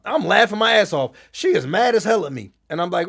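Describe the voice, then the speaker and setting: Gravelly-voiced streamer ranting heatedly. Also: male voice, high-pitched, sing-song, fast talker, few pauses, fairly bright tone. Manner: heated, profane, blunt storytelling; reads and answers chat messages. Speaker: gaming streamer. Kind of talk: casual ranting stream chat.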